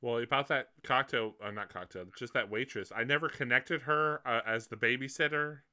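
A man with a very bright, sharp, forceful voice, chatting casually. He rambles, hedges and restarts his sentences as he goes. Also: mid-range voice, normal speed, clear, resonant tone. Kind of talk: casual film discussion.

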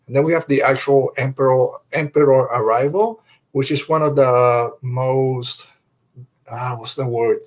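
A man co-hosting a podcast, talking casually and enthusiastically, rambling and slipping into quick impressions of characters. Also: mid-range voice, steady tone. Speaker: podcast co-host. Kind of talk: casual fan review chat.

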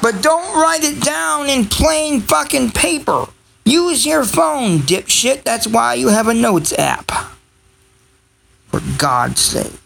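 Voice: sits high, very animated, slow pace, creaky. A podcast host in a casual, rambling monologue, profane and sarcastic. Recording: loud background noise and crowd chatter.

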